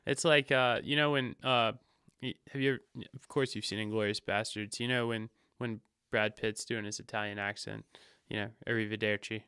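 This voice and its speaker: A young man co-hosting a casual sports chat, excitable and rambling, with frequent restarts. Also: mid-range voice, moderate pace, clean tone, no echo, studio quality. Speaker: podcast co-host.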